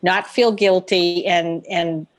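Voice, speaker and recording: A woman's voice: fairly low pitch, steady tone, slow. A woman on a town commission chatting in a good-humored way during a casual meeting. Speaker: commission member.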